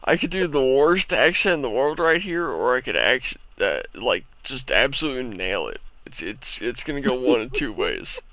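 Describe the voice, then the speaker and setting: A man's voice: medium pitch, big pitch swings, moderate pace, few pauses, fairly bright tone, dry recording. A young man co-hosting a podcast, rambling and self-deprecating with crude jokes. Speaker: podcast co-host. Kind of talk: casual podcast banter.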